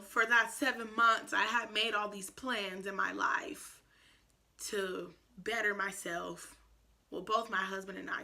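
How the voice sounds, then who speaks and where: Woman in her 20s vlogging, bright clear voice, soft and earnest, lots of um and you know. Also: mid-range voice. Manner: soft, reflective and earnest, with frequent fillers. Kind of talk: personal vlog talk to camera.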